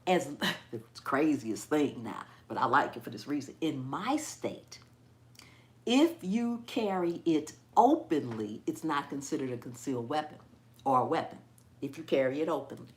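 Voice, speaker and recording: A woman hosting a casual live stream, hyper and animated, often laughing and mimicking people. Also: low-pitched, normal speed. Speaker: gardening channel host.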